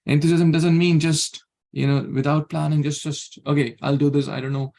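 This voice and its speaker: A man's voice: on the high side, little pitch movement, moderate pace, vocal fry, a little mellow. A man leading an online scripture class. He speaks earnestly, keeps repeating his key words and chuckles now and then. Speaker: class leader.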